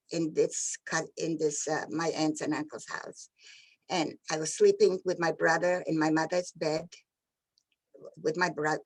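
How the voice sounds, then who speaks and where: An older woman giving personal testimony of her childhood, halting and often repeating and restarting words. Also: fairly low pitch, fairly bright tone, poor audio. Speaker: Holocaust survivor. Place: virtual event.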